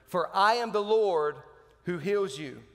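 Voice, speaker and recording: A man preaching a sermon as pastor, animated and joking between slow scripture readings. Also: high-pitched, in a large hall. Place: church sanctuary.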